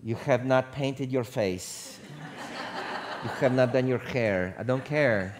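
A man's voice: medium pitch, slow, a crowd in the background. A middle-aged male pastor preaching a sermon in a casual, storytelling way, joking about himself and acting out the people he quotes. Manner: storytelling, conversational and self-deprecating, acts out quoted voices.

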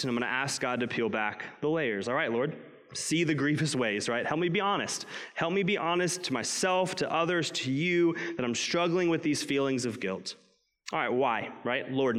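A man's voice: a little high, fairly bright tone, in a large hall. A man preaching a sermon in a conversational way, acting out inner voices and prayers as he speaks. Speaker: pastor.

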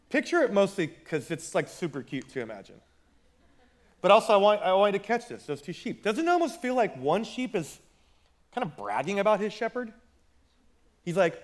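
A man preaching a sermon in a conversational way, often repeating words as he builds a point. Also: high voice. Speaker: pastor.

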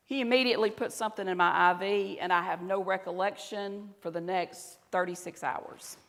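A woman's voice: medium pitch, steady tone, moderate pace. Southern woman pastor preaching in a hall. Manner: conversational preaching, drops to soft intimate tones. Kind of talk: sermon. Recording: reverberant hall.

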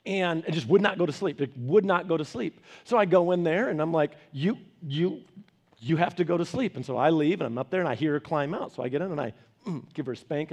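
A middle-aged man, a pastor, giving a conversational sermon, telling family stories and acting out the voices in them. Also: fairly high pitch. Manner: animated storyteller who acts out quoted voices. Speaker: pastor teaching a Bible study.

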